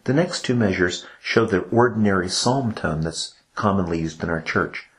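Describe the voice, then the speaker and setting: Low-voiced man teaching church chant. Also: lively intonation, moderate pace. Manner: patient explaining, breaks into chanted examples. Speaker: cantor instructor. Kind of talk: instructional podcast.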